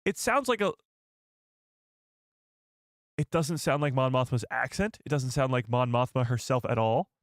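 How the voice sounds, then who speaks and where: An excitable man hosting a live stream reaction, addressing his chat. He sounds incredulous and fired up. His voice sits mid-pitch and is recorded very dry and close. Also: normal speed, long pauses, dry recording.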